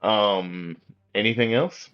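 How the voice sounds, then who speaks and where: Laid-back male game master, lowish voice, dull lo-fi sound. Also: slow pace. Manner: relaxed, filler-heavy descriptions. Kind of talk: narrating a tabletop game.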